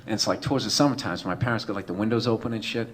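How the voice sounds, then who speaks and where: A man's voice: on the low side, rapid-fire, a little hiss or hum. A man telling a comedic personal story in a rambling, profane way, full of "like" and "you know".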